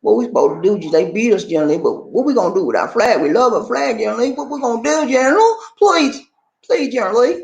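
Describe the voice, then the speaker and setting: A man's voice: lively intonation, fast talker, creaky, echoey room, highs cut off, heavily acted. A man putting on a frantic pleading soldier. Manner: begging, voice climbing higher. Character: desperate pleading male Civil War soldier.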